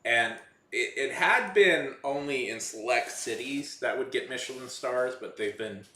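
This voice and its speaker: A man's voice: mid-range voice, measured pace, bright, forceful tone, slight background noise. A man chatting casually to his viewers, rambling and often restarting his sentences. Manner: meandering, many false starts and self-corrections. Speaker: vlogger. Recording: echoey room.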